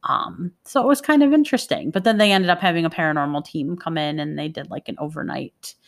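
A woman's voice: low voice, animated, fast talker, gravelly. A woman with a nasal Detroit accent, co-hosting a podcast and telling stories in rambling, chatty conversation. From Michigan. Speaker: podcast co-host. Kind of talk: casual chat.

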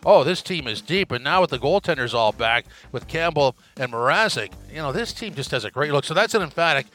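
Male podcast host, punchy and emphatic, bright forceful tone, faint music bed. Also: a little high. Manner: energetic, emphatic catchphrase delivery. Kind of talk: upbeat solo podcast segment.

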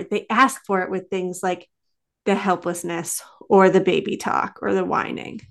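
A woman's voice: medium pitch, a little slow. Woman podcast guest, casual storyteller who acts out quotes. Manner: storytelling, animated quoting. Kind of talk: casual conversation.

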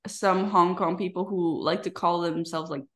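A woman's voice: on the low side, fairly even intonation, normal speed, a bit bright, reverberant. A woman chatting as a podcast guest, talkative and hedging her points with fillers. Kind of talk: casual chat.

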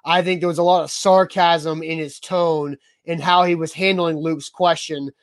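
A man's voice: a little high, steady tone, moderate pace, no room sound, clean studio sound. A man co-hosting a sports talk show, building his argument step by step. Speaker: podcast co-host.

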